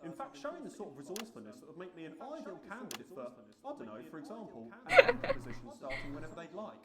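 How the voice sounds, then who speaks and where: A man's voice: fairly high pitch, huge pitch swings, fast talker, sharp tone, exaggerated voice. A man voice acting an eager, self-promoting young field reporter in a game, rambling with many fillers. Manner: rambling, hesitant, full of fillers.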